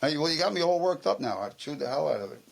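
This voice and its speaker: A man's voice: a little high, big pitch swings, fast, vocal fry. A man who is a guest on a local TV talk show, telling stories in casual chat and turning insistent and heated when he argues. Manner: storytelling, gets heated and insistent when arguing. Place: local TV studio.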